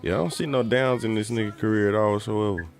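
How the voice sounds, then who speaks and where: A man's voice: fast talker, faint music behind. A man co-hosting a podcast, chatting casually about boxing in heavy slang and cursing freely. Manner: animated, slangy, swears a lot, mimics people in a high voice. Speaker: podcast co-host.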